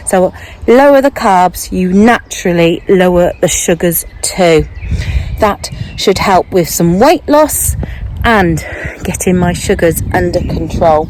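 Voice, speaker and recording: An older woman chatting casually as she walks outdoors, getting out of breath, and thinking aloud in an unhurried way. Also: fairly low pitch, darkish tone, low-quality recording. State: out of breath while walking. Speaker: vlogger. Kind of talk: casual walking vlog. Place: outdoors, walking.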